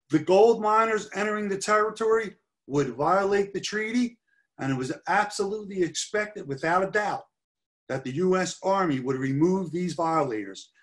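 Middle-aged male lecturer, slightly high voice, earnest history talk over slides. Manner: earnest, stresses key points with repetition. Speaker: history presenter.

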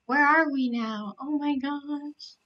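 A young woman live-streaming a game, gushing with excitement, gasping and repeating herself. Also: sits high, slow, lo-fi sound, music in the background.

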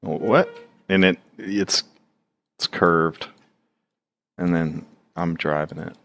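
A man's voice: sits low, fairly even intonation, gravelly, a bit bright. A man giving casual, rambling commentary while he draws, swearing freely and trailing off into fillers. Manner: rambling, profane, halting with many fillers. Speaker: streamer drawing on stream.

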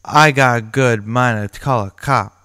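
A rambling drunk man who scolds in a loose, sloppy way, sitting a little above his reader's usual pitch. A man puts him on. The sound is dry and close. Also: measured pace, pushed and bright, no echo. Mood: scolding.

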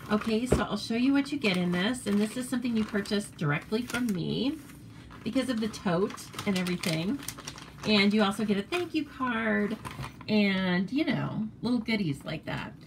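A woman's voice: medium pitch, lively intonation, moderate pace, background noise. An American woman demonstrating papercraft cards in a casual, chatty tutorial, rambling with fillers and self-corrections.

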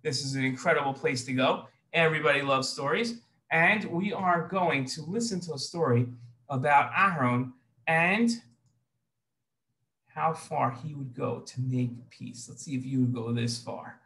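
A man hosting a children's show, telling a story and acting out the characters with lively voices. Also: a little high. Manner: animated, acts out characters in raised voices. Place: synagogue video set.

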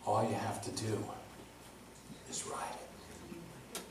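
A man voicing a calm, friendly male friend, speaking softly. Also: fairly low pitch, slow pace, noisy background, pitched below the performer's own voice. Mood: gentle. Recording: echoey hall from far off.

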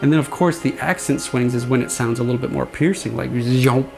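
Guy with a gravelly voice chatting loosely about building sounds, faint music behind. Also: mid-range voice, quick pace. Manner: relaxed, rambling, imitates swing sounds with his voice. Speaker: saber sound font designer. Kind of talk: casual explanatory demo talk.

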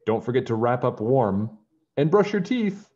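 A man's voice: mid-range voice, big pitch swings, moderate pace, warm tone, highs cut off, pitched above the performer's own voice, close to an everyday voice. A man voicing a doting, fussing queen mother in a children's storybook.

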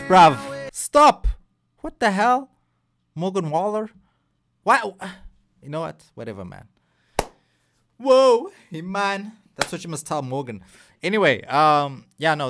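A young man reacts to a music video in loose, excitable chat and talks straight to his viewers. His voice swoops up and down a lot. Hip hop plays faintly under him. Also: mid-range voice. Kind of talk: casual reaction commentary.

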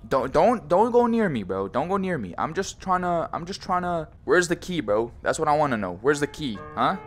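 A man's voice: on the high side, very animated, normal speed, fairly bright tone, soft background music. A young man commenting on a horror VR game, joking, swearing and teasing, often saying bro. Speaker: gaming YouTuber.

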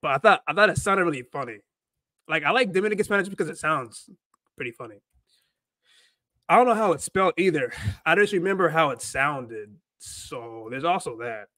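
A man's voice: a little high, animated, a little fast, pushed and bright, dry recording. A man hosting a casual livestream, talking in a rambling way full of fillers and self-corrections. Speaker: livestream host learning Spanish.

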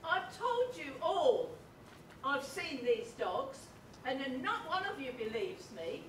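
A woman on stage playing a flighty, excitable posh lady of the manor, heard from far off in an echoey theatre. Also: high voice, slow, a little hiss or hum, exaggerated voice. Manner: excitable, shrieking, dramatic. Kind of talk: amateur stage acting.

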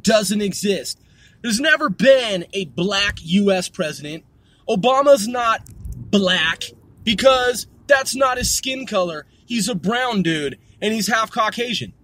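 Man, very high voice, bright tense tone, profane heated rant. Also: animated, slow pace. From United States. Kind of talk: ranting monologue.

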